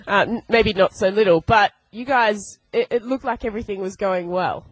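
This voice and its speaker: A woman's voice: medium pitch, moderate pace, no room sound, low-quality recording. A woman radio host in a casual interview, chatty and enthusiastic, laughing often.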